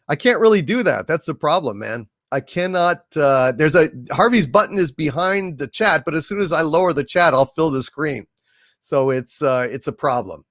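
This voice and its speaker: A man's voice: a little high, fairly bright tone, no room sound. A man hosting a livestream, casually reading donations aloud and effusively hailing viewers by name on a close mic. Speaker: livestream host.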